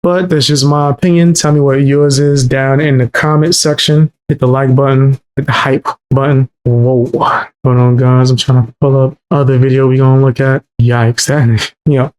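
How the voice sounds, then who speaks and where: A man's voice: medium pitch, steady tone, moderate pace, a little mellow, clear, resonant tone. Mocking man reacting to a clip. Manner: mocking, incredulous, repeats punchlines. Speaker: commentary host. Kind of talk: reaction commentary.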